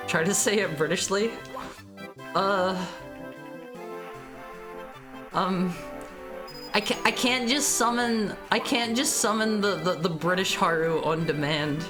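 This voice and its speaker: A woman's voice: medium pitch, expressive, takes it slowly, long pauses. A woman streaming a video game, chatting playfully and teasing her chat. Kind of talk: casual game-stream commentary. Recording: game music playing behind.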